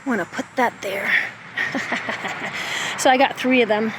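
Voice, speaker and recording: In a casual gardening vlog shot outdoors at a garden center and in her backyard, a woman shows off the plants she bought, her voice a little high and fairly quick. She's chatty, thinks aloud about plant names, and sounds slightly out of breath in the heat, with heavy background noise.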